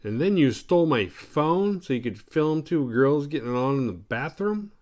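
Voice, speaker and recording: A man voicing a sharp-tongued young woman who makes sarcastic accusations. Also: fairly high pitch, very animated, moderate pace, pitched above the performer's own voice. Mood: accusing.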